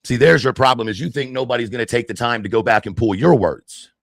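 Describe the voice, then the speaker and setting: A man's voice: medium pitch, quick pace, no echo, studio quality. An angry man ranting on his livestream, heated, profane and confrontational.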